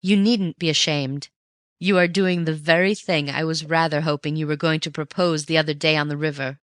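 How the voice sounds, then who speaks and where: A reader voicing an earnest young male sidekick who protests and takes offence quickly, in an audiobook reading. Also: mid-range voice, steady tone, fairly bright tone, clear, resonant tone, dry recording, clean studio sound, lightly acted. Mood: excited.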